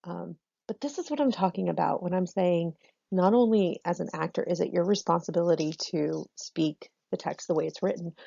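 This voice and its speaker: A woman's dark, gravelly voice teaches a drama lesson in a chatty, self-correcting way, laughing often. The recording is dry and dull. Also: fairly low pitch, a little fast, dry recording.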